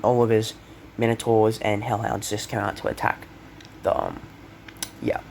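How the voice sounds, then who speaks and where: A young man rambles through a made-up fan story, stopping to correct himself and fill gaps with ums and likes. His voice is gravelly, and his pitch swings around a lot. He keeps coughing and clearing his throat, over a faint hiss of background noise. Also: big pitch swings, moderate pace, a little mellow. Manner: rambling, full of fillers and self-corrections. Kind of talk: casual fan story retelling.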